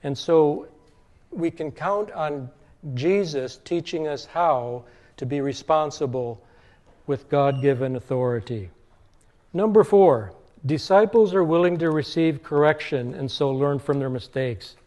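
A man with a slightly high voice delivers a sermon as a preacher. He talks in a measured teaching tone and slows down to give weight to the verses he quotes. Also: expressive, a little mellow. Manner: measured teaching tone with slow emphatic scripture quotes.

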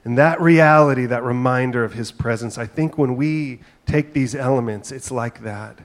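A man's voice: medium pitch, normal speed. A middle-aged man preaching a sermon as pastor, talking in a conversational, storytelling way with asides and frequent "right?".

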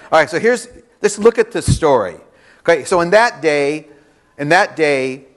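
A man preaching a sermon to a congregation, reading scripture and explaining it in an animated, conversational way with playful teasing. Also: fairly high pitch. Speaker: pastor. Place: church before a congregation.

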